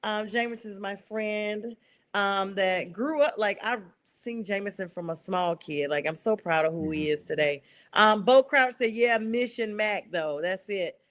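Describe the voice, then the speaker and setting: A woman's voice: medium pitch, measured pace. Chatty Southern woman sports host. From North Carolina, US. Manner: chatty, laughs often, animated asides. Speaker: sports talk show host. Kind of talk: casual sports chat.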